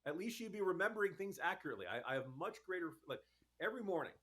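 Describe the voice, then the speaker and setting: A man with a voice pitched a little above the usual male range, talking as a radio guest. He presses his points quickly and emphatically, with an exasperated edge that runs through the whole conversation. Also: very animated, a bit bright. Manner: fast, exasperated, emphatic argument. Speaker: political commentator guest. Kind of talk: talk radio interview.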